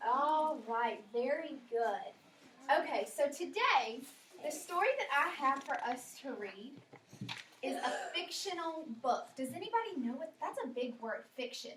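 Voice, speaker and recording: Woman, teacher, high voice, encouraging, slow and clear for children, roomy classroom, distant mic. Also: animated, a little hiss or hum. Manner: upbeat, encouraging, speaks slowly and clearly for young children. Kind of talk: classroom vocabulary lesson.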